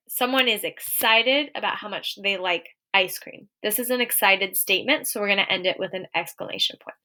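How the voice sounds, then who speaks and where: Bright, encouraging woman teacher. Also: mid-range voice. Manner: clear, encouraging, slows to read example sentences aloud. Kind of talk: recorded video lesson for young children.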